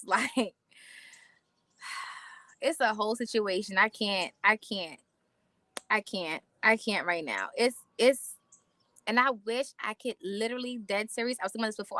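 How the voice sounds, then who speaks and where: Animated, preachy woman with twang. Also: on the high side, no room sound. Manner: animated, preachy, repeats lines for emphasis; casual slang, calls listeners y'all and honey. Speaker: host. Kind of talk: casual motivational talk to viewers.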